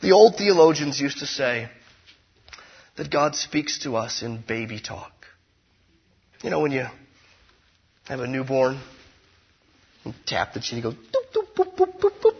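A man preaching a sermon in a conversational way, with playful asides, swinging between loud emphasis and hushed tones. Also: mid-range voice, unhurried, long pauses, slightly rough, highs cut off. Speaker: pastor.

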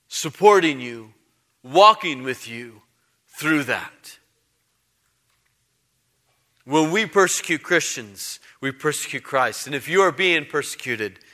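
A man's voice: fairly high pitch, bright, forceful tone. A male pastor giving a conversational sermon, emphatic and given to repeating phrases for weight.

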